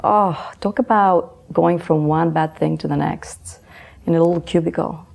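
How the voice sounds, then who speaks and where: A middle-aged woman, an author and interview guest, earnestly telling a personal story and often answering with quick yeses. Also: on the low side, gravelly, darkish tone. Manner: earnest, repeats words, frequent affirming yeses.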